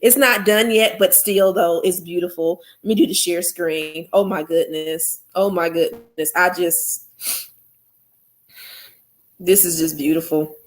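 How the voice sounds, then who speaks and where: A woman's voice: lowish voice, fairly even intonation, unhurried. A woman hosting a casual livestream, talking to her viewers in an effusive way and repeating her exclamations. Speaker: livestream host.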